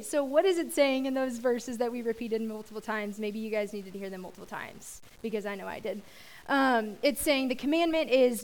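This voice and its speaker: A young woman delivers a youth sermon, praying and reading scripture in a casual, chatty style and laughing off her own slip-ups. Her voice is fairly high, and the recording quality is low.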